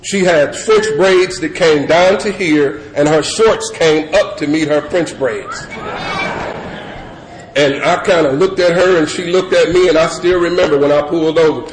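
Rambling male storyteller in echoey hall. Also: a little slow. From California. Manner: loose rambling storyteller, many fillers, breaks into high laughing voice. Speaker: speaker sharing recovery story. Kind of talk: storytelling talk to a crowd. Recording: echoey room with crowd noise.

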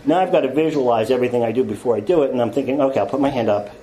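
A man telling his own life story to a group in a halting, confessional way, with frequent stammered restarts and wry self-mocking humor. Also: mid-range voice, dark tone, rough recording.

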